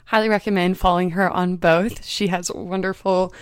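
A young woman hosting a faith podcast, soft-spoken and gently affirming her guest. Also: lowish voice, fairly even intonation, moderate pace, clean tone, no room sound, clean studio sound. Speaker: podcast host. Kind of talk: faith-based interview conversation.

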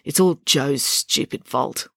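A woman's voice: very deep voice, slow pace, vocal fry, fairly bright tone, breathy edge, dry recording, clean studio sound, full character voice. A woman voicing a sulky, jealous teenage boy who grumbles a lot.

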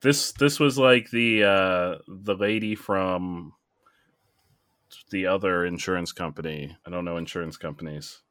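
A man co-hosting a podcast in casual chat, measured with a dry humor. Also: deep voice, fairly bright tone, dry recording. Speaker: podcast co-host.

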